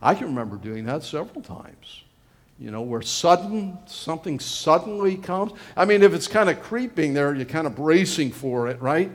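An older man leads a small group and tells personal stories casually, with sudden loud shouts for emphasis. His pitch swings widely as he speaks. He sounds like a teacher who enjoys a good story. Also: normal speed. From Canada. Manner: animated storyteller, loud sudden cries of help. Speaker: Bible study leader.

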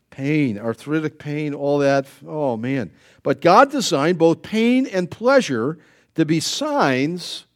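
A middle-aged man preaching a sermon in a joking, animated way, acting out little voices as he goes. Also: on the high side. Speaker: pastor.

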